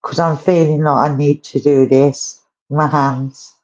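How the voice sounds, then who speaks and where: A woman working as a medium, giving a live reading in halting, repetitive phrases and gentle questions to the sitter. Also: deep voice, steady tone, highs cut off. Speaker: psychic medium.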